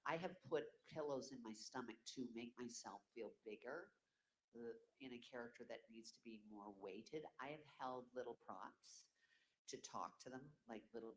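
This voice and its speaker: Older voice actor, convention Q&A, lively and playful, drops into bits of character voices. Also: mid-range voice, moderate pace. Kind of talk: casual panel Q&A. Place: convention panel room.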